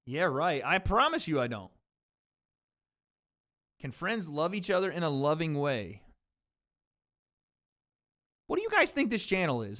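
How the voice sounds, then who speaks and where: A man's voice: on the high side, a bit bright. A man hosting a livestream watch party, riffing on chat in blunt, profane casual commentary. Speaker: livestream host.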